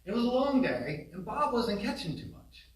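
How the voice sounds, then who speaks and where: Animated man giving a eulogy. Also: high-pitched, normal speed. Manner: animated, laughing through funny stories. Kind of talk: humorous memorial storytelling. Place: funeral home. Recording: roomy, distant hall sound.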